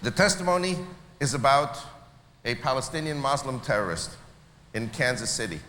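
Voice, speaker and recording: A man from Israel telling a story to an audience, animated and acting out the people he quotes. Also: medium pitch, normal speed. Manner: animated, acts out quoted voices. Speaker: speaker at a church meeting. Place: large hall. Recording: echoey hall with faint noise.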